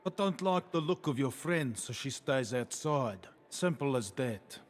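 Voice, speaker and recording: A man's voice: medium pitch, lively intonation, unhurried, natural voice. A man voicing a smug, arrogant male crime boss in a video game, dismissive in tone.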